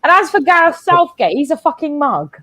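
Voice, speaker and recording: A woman's voice: high voice, very animated, brisk, a bit bright. A woman guesting on a football stream, ranting in sweary, sarcastic casual chat.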